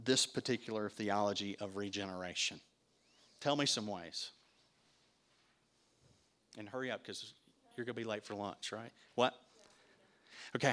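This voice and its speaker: A man's voice: lowish voice, fairly bright tone. Conversational preacher man questioning the congregation. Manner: conversational, asks the audience questions; repeats words when starting sentences. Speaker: pastor. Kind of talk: interactive sermon teaching.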